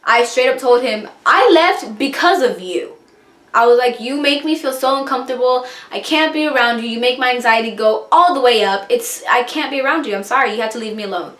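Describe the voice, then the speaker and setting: Young woman, storytime vlog, animated, acts out quotes, roomy echo. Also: fairly high pitch, fast talker, few pauses. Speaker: vlogger.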